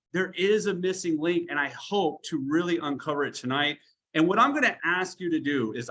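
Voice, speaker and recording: Bright-voiced, talkative man coaching online. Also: on the high side. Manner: blunt, talkative, tough-love coaching. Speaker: online business trainer. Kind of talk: motivational training talk on a video call. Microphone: video call.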